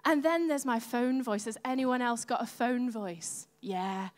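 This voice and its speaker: A woman's voice: on the high side, measured pace. A woman church leader giving a chatty, self-deprecating sermon from a church stage and talking with the congregation. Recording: long hall reverb.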